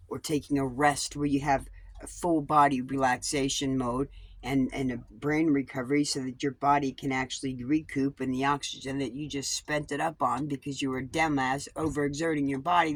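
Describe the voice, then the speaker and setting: A woman's voice: a bass voice, dry recording. A woman vlogger talking in a rambling personal monologue about coping, blunt and digressive, swearing freely.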